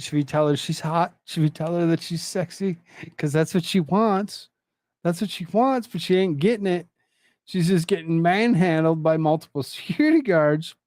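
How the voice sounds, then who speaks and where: A man's voice: on the high side, darkish tone, dry recording. A man hosting a casual commentary show, sarcastic and exasperated as he rambles about news and viral clips.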